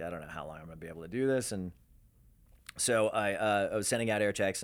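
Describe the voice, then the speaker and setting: A man's voice: sits low, clear, resonant tone. A man from Denver, a radio host and program director, telling his career story in a rambling, casual way full of fillers. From Denver, USA. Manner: rambling, lots of fillers and laughs.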